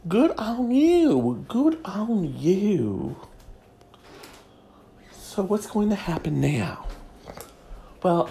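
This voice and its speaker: A woman from Kentucky with a Kentucky Southern accent, hosting a crude, sassy comedic gossip monologue with drawn-out emphasis. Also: on the low side, warm tone, a little hiss or hum. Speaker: celebrity gossip host.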